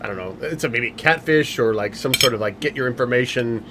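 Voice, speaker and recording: A man's voice: mid-range voice, brisk. Male livestream host, loose rambling delivery, faint background noise. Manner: rambling, many fillers and restarts. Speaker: livestream host, game company owner. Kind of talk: casual livestream chat.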